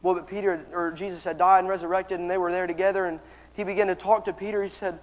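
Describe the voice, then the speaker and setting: A man's voice: high voice, little pitch movement, quick pace, big-room sound, rough recording. A man preaching a sermon to his congregation, with a fervent, impassioned delivery.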